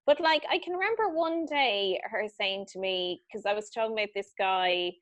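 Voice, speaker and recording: A woman's voice: medium pitch, moderate pace, fairly bright tone. A woman, a podcast guest, chatting in a frank, wry and sympathetic way with blunt slang. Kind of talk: casual chat.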